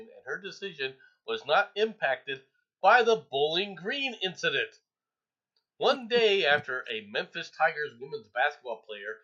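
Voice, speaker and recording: A man hosting a casual podcast, reading headlines and commenting in an animated, exclaiming way. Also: a little high. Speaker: podcast host. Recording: dull lo-fi sound.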